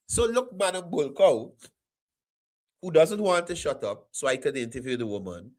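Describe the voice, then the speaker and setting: A man hosting a call-in talk show, animated and repeating his phrases. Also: a little high, normal speed.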